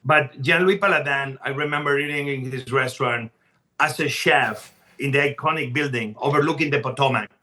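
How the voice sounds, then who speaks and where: A man, a chef appearing as a podcast guest, telling stories in an animated, emphatic way and often restarting his sentences. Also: medium pitch, a little fast. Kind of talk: casual podcast storytelling.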